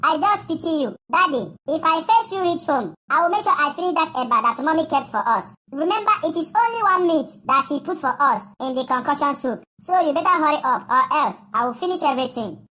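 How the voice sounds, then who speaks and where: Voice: high-pitched, expressive, a little fast, few pauses, sharp tone. A voice actor playing a cheeky, greedy young child in a cartoon, teasing. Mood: taunting. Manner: taunting, sing-song teasing. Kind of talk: cartoon voice acting.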